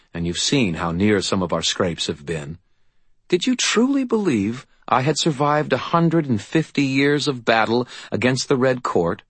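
A man doing a quiet, calm, ruthless traitor. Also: medium pitch, husky, no room sound, pitched above the performer's own voice. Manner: quiet, calm, deferential murmur. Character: calm, ruthless, centuries-old male double agent.

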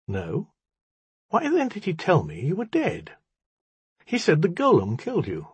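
A man reading an audiobook, voicing a guarded, aloof young male magician who speaks quietly and formally. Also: a little high, wildly swooping pitch, measured pace, slightly rough, no room sound, voice pushed up, full character voice.

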